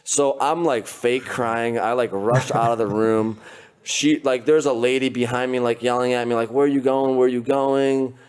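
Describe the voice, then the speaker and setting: A young man, a podcast guest, telling a story in a loose, animated way, full of filler words. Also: medium pitch, normal speed. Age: young adult. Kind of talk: casual storytelling. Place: his apartment.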